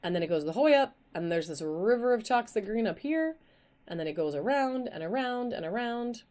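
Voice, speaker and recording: Speaking fairly quickly with lively intonation, this woman has a high-leaning voice with a darkish tone. She hosts a phone-camera live-stream auction, chatting in a bubbly way and greeting viewers by name as items come up.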